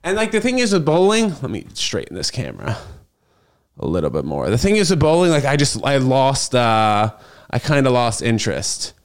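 A man's voice: mid-range voice, big pitch swings, moderate pace. A young man, chatting solo in a loose, rambling way to a camera set on his fridge at home. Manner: rambling, filler-heavy storytelling. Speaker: podcast host. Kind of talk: casual solo vlog chat. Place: apartment kitchen. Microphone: camera on a refrigerator.

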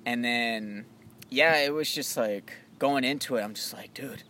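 A young man in casual chat about movies, loose and animated, swearing freely and calling his friend dude and bro. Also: mid-range voice, a little slow, a little hiss or hum.

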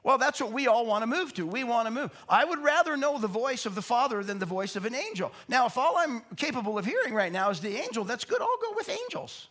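A man's voice: very high-pitched, expressive, quick pace, few pauses, fairly bright tone. A man preaching a Bible teaching sermon in a conversational way, asking rhetorical questions and repeating words as he explains. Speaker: pastor.

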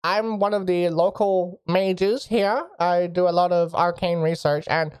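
A woman voicing an eccentric older male mage who is loud and eager, with a rustic way of talking. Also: on the low side, steady tone, a little slow, smooth, voice pushed up, close to an everyday voice. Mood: friendly. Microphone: voice chat microphone.

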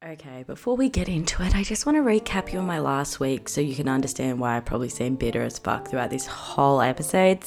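Giggly, lively Australian woman. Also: extremely low pitch, quick pace, hardly any pauses. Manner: giggly, rambling, swears freely. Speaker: podcast host. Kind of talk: casual chat podcast monologue.

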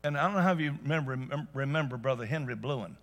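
A man preaching a sermon to a church congregation, telling stories and rising to loud emphatic peaks. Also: mid-range voice, fast. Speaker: pastor. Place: church service.

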